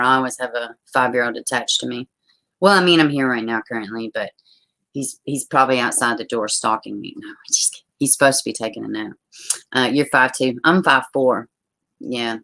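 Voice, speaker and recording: A woman's voice: rumbling low, a bit bright. A woman hosting a casual live stream, chatting and reading out viewer comments, blunt and ready to swear. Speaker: livestream host. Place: home.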